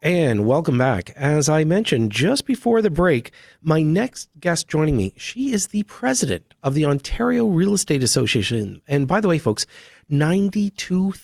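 A man's voice: fairly high pitch, big pitch swings, normal speed, creaky, a little mellow, no room sound, clean studio sound. A man hosting a radio talk show, chatty and joking with his guests.

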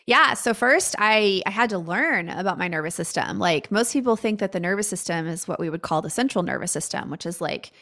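A woman's voice: mid-range voice, lively intonation, brisk, hardly any pauses, fairly bright tone. A woman speaking as a podcast guest in casual chat, candid and blunt, with lots of fillers.

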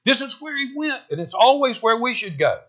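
A pastor delivers a sermon at a fairly quick clip, his bright, husky voice jumping around in pitch with lively emphasis. He moves between loud, urgent passages and quiet, intense ones, and the recording comes across dull and muffled.

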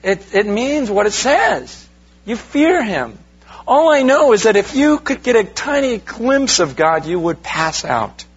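A man's voice: high-pitched, sing-song, unhurried, breathy edge, lo-fi sound. A man, a pastor, preaching a sermon in a conversational way, asking rhetorical questions and talking straight to his congregation. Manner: addresses the congregation directly.

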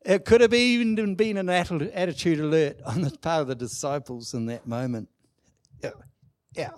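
A man preaching a sermon, emphatic and animated, acting out quoted lines. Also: a little high, normal speed, no room sound, studio quality. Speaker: pastor.

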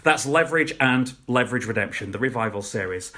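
A man's voice: mid-range voice, expressive, brisk, bright, forceful tone. A young man co-hosting a podcast, chatting casually and rambling about shows, laughing at his own jokes. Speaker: podcast co-host. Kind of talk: casual chat reviewing shows.

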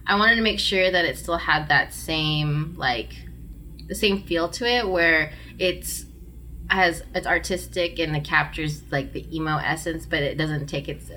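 A woman's voice: sits low, pushed and bright, slight background noise. A woman hosting a casual podcast, chatting loosely with lots of ums and likes. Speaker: podcast host. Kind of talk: casual chat.

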